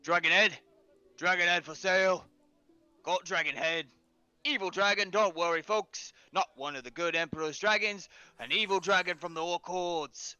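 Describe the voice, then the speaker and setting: Man voicing a dwarf street vendor, shouting, pushy sales patter. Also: high-pitched, moderate pace, clear, resonant tone, dry recording, faint music behind, voice pushed up. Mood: hawking. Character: loud male dwarf merchant hawking wares.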